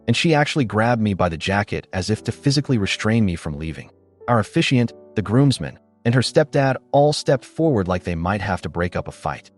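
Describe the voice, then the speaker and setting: A man giving scripted first-person narration of a story in a steady, animated storytelling delivery. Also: fairly low pitch, normal speed. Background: faint background music.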